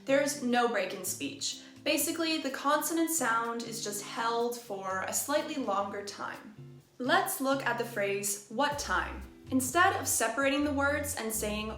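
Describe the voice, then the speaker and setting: A woman teaching English pronunciation in a clear, deliberate way, slowing down to demonstrate phrases. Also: on the high side, fairly bright tone, reverberant. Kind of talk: scripted pronunciation lesson.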